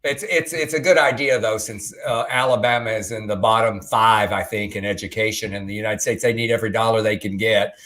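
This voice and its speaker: A man from Texas co-hosting a casual news talk show, relaxed and a bit hesitant. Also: fairly low pitch, brisk, few pauses. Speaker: podcast co-host.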